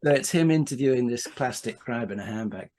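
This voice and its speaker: A man's voice: medium pitch, animated, brisk, darkish tone. A man, a podcast guest, telling a casual anecdote with frequent restarts, asides and laughter.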